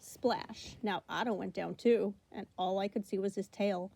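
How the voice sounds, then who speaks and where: A woman reading a children's picture book aloud, expressive and slowing for emphasis. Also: medium pitch, vocal fry, no echo. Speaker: storybook reader.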